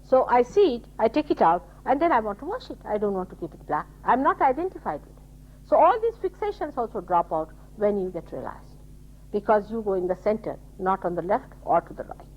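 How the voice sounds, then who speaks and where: An older woman giving a spiritual talk to her followers, telling stories with quoted dialogue and scolding in an animated way. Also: mid-range voice, brisk, breathy edge. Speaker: spiritual teacher. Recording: dull lo-fi 1980s tape.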